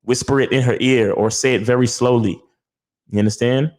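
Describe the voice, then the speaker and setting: A man's voice: mid-range voice, fairly even intonation, moderate pace, a little mellow. A man hosting a show, giving casual dating advice into a mic in a profane, repetitive way, often checking that the listener understands. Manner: profane, repetitive, keeps asking "you understand?". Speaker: host. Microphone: talking into a studio mic.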